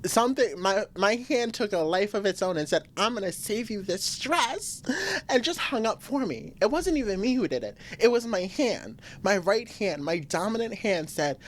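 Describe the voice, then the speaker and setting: A woman's voice: mid-range voice, very animated, normal speed, few pauses. A woman hosting a podcast on her own, venting in a blunt, profane, emphatic way. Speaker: podcast host. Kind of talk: casual solo podcast venting.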